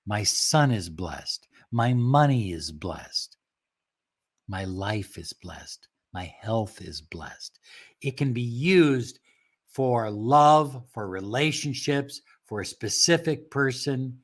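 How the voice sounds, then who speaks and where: A man teaching a self-help practice, speaking slowly and emphatically and dropping some words to a soft whisper. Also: mid-range voice, expressive. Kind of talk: motivational talk to camera.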